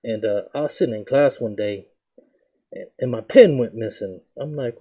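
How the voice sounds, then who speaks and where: A young man casually telling a story about his school days, slangy and animated, jumping into a higher voice to act out what people said. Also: normal speed, husky, highs cut off. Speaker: reaction video host.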